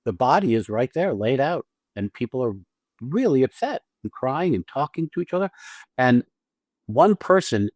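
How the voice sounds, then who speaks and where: A man's voice: medium pitch, big pitch swings, normal speed, a little mellow, no echo. A man hosting a podcast as an acting teacher, talking casually and animatedly, swearing freely and acting out little scenes with quoted lines.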